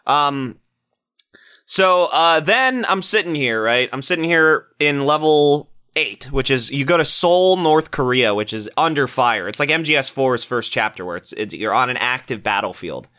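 A man's voice: medium pitch, animated, normal speed, pushed and bright. A man in casual podcast chat about video games, rambling and profane, often breaking into mocking impressions.

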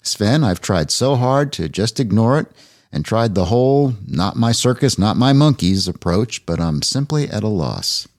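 Man reading a letter with lively expression. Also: on the low side, measured pace, no echo, clean studio sound. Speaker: co-host. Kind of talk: reading a listener letter aloud.

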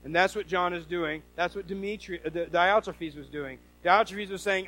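Male preacher from the Northwest, higher-pitched, lively sermon delivery with acted-out quotes. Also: normal speed, few pauses, dry recording, rough recording. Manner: animated storytelling with quoted voices. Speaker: pastor.

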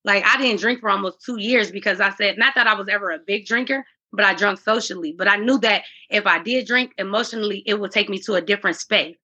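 A woman with a slightly high, bright voice carrying a husky, breathy edge speaks as a guest in a candid conversational interview. She comes across as earnest and driven by faith, often restarting her sentences. The recording sounds dull and lo-fi.

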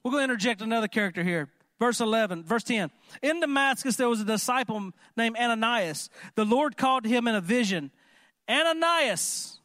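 A man preaching a sermon in an animated, conversational way, often asking the congregation questions. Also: very high voice, brisk, no echo, studio quality. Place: church.

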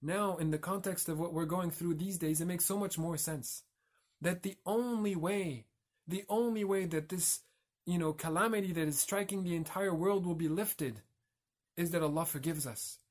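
A man's voice: high-pitched, moderate pace, darkish tone. A man giving a reflective religious talk as a teacher, explaining and carefully pronouncing Arabic terms.

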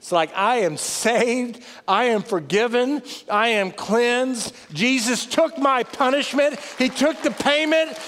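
A high-pitched man preaching a sermon, his voice carried on a long reverb that suggests a large hall. He is emphatic, driving up to loud peaks and then dropping low and quiet. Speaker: pastor.

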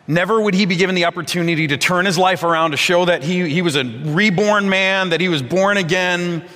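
High-voiced man preaching in a reverberant hall. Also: a bit bright. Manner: earnest, conversational preaching with stammered restarts. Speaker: pastor. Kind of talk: sermon. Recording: long reverb of a large hall.

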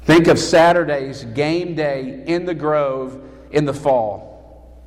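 A man preaching a sermon as pastor, emphatic and rising to loud calls. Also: a little high, takes it slowly. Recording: long hall reverb.

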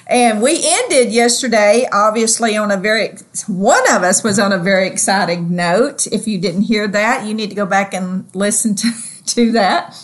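A woman with a Southern accent co-hosting a ministry podcast, chatty and quick to laugh. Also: mid-range voice. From Southern United States. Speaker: podcast co-host. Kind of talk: casual ministry podcast chat.

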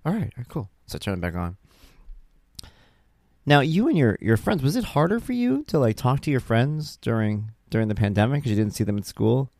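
A man's voice: mid-range voice, fairly quick, creaky, no room sound, studio quality. A tired man hosting his own podcast, chatting casually and acting out family conversations as he tells them. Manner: animated storyteller, acts out dialogue. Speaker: podcast host. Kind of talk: casual solo podcast monologue.

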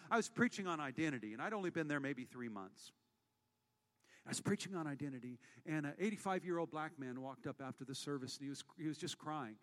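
Alternating between quiet, hushed stories and loud rallying cries to his congregation, a pastor from the United States delivers his sermon. He has a fairly high-pitched voice, heard in a big-room acoustic.

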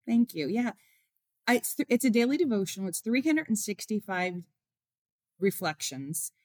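A woman's voice: medium pitch, lively intonation, normal speed, no room sound, clean studio sound. A woman being interviewed as an author and mother, earnestly telling stories and acting out what people said. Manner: earnest, tells stories with quoted dialogue. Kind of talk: heartfelt storytelling in an interview.

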